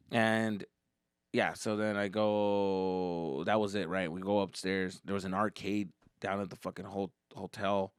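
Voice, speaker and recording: A young man telling a comic story as a podcast host, profane and animated, jumping into voices. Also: lowish voice, normal speed, smooth, no echo, studio quality.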